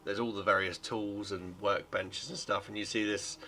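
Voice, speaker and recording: A man's voice: fairly low pitch, steady tone, moderate pace, bright, forceful tone, a little hiss or hum. Rambling man narrating as game master. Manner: rambling, self-correcting narration.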